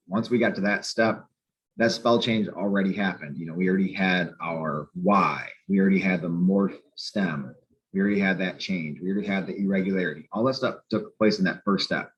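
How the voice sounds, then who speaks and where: A man's voice: low voice, muffled recording. A man teaching a grammar lesson, explaining patiently and methodically and repeating key points. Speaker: Spanish teacher.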